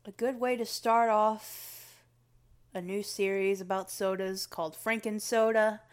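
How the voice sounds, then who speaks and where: A woman's voice: mid-range voice, fairly even intonation, measured pace. A woman reviewing sodas in a rambling, self-correcting casual monologue, her words a little slurred. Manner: rambling, restarts often, talks to herself; slightly slurred. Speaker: soda review vlogger.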